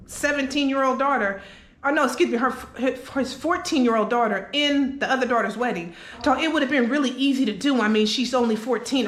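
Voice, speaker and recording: A woman's voice: on the high side, fairly bright tone. A woman vlogger telling a story in a casual, chatty way, often checking in with her listeners. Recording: roomy echo.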